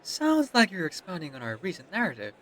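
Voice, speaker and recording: A man's voice: sits high, wildly swooping pitch, a little fast, a bit bright, pitched above the performer's own voice, exaggerated voice. A man voicing a charming young male researcher with a gallant, playful manner.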